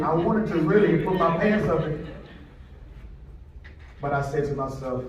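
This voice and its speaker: A man delivers an inspirational talk, telling a story and acting out the other voices in it. His voice sits a little high and is picked up from a distance, so it washes around a very echoey large hall with faint background noise. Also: moderate pace, long pauses, highs cut off. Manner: animated storyteller who acts out quoted voices. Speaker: motivational speaker.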